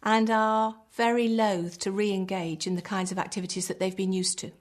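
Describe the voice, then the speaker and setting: A woman's voice: mid-range voice, little pitch movement, normal speed. A middle-aged woman, a primary school teacher who talks in a patient, encouraging, articulate way as she explains her methods and leads a class.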